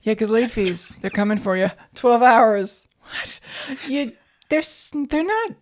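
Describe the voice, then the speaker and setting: A woman co-hosting a podcast in casual chat, wry and teasing with quick comebacks. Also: on the high side, animated. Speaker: podcast co-host.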